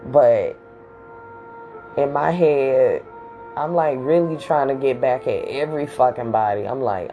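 A woman's voice: a bass voice, measured pace, over music, rough recording. A woman telling a personal story in a casual, candid and profane way, full of slang.

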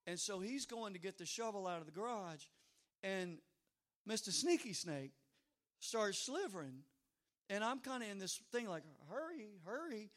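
Middle-aged male pastor, high voice, animated storytelling sermon with comic asides and bursts of volume. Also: moderate pace, long pauses. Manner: animated storytelling with sudden loud outbursts; humorous asides.

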